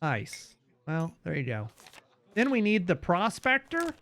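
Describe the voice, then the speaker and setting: A young man talks through his game in a casual stream, animated and quick to swear or laugh. His voice is high and swoops widely in pitch. He takes his time, speaking slowly between actions. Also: noisy background. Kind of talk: casual gameplay commentary.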